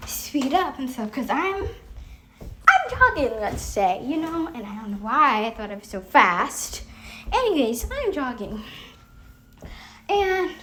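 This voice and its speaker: Young woman rambling thru a storytime, high voice, laughs a lot, um and like everywhere, faint hiss behind. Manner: rambling, animated, laughs often, lots of fillers. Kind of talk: casual storytime vlog.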